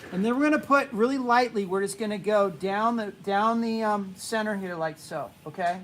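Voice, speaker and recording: High-voiced man teaching a drawing class. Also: a little hiss or hum, low-quality recording. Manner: casual, halting, repeats himself, hushes the class. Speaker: art teacher.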